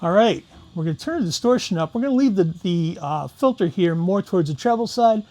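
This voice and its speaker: A man's voice: high voice, animated, brisk, a little mellow. A man talking casually through a guitar pedal demo, walking through each knob setting step by step. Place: room with guitar gear.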